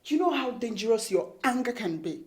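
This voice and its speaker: A woman's voice: fairly high pitch, sing-song, brisk, darkish tone. An anxious, pleading woman. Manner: pleading, soothing. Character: anxious woman who protects her troubled friend.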